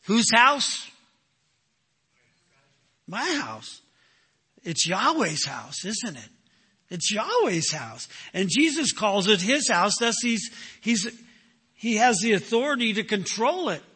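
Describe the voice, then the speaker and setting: A man's voice: sits high, very animated, slow, pauses often, bright, forceful tone, husky, long reverb tail. A man preaching a sermon, emphatic, asking rhetorical questions and answering them himself. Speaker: pastor.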